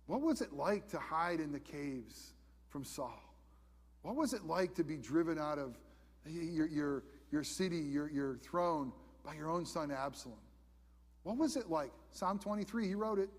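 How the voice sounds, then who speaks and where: A man preaching a sermon as a pastor, emphatic, swinging from loud exclamations to soft, quiet questions, with many restarts. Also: on the high side, animated, measured pace, husky, long reverb tail.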